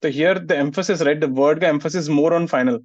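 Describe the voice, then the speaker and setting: A man's voice: fairly high pitch, quick pace, no echo. A male physics teacher, lecturing a class and scolding students who don't listen. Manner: scolds students, asks "getting it?" often. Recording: muffled, dry sound.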